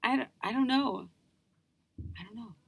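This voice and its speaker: A woman's voice: a little high, gravelly, fairly bright tone, husky, no room sound. A young woman from New York with an American accent, chatting enthusiastically as a guest performer in an interview. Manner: chatty, enthusiastic, quick restarts. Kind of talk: casual interview chat.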